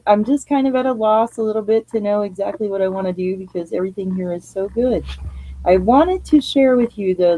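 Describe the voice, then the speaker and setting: A woman hosts a live radio show from her living room in a casual, rambling way. She laughs at herself and drifts between thoughts. Her voice sits at an ordinary middle pitch and sounds close and dry, with no room echo. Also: a little mellow.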